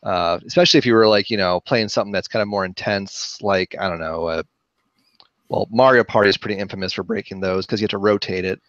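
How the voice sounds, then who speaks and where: A man's voice: lowish voice, quick pace, fairly bright tone, dry recording. Hesitant man with muffled podcast sound. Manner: hesitant, many fillers, trails off. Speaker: podcast co-host. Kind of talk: casual chat. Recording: dull, muffled podcast audio.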